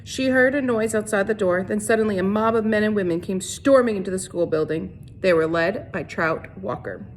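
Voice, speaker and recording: A woman reading a novel aloud as a teacher, in a steady storytelling voice with small slips and restarts. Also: medium pitch, normal speed, few pauses, a little hiss or hum.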